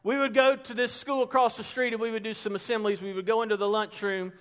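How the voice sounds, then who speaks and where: Brief: middle-aged man, pastor, high-pitched, animated storyteller who drops quiet for emphasis. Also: fast. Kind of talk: sermon with storytelling. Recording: long hall reverb.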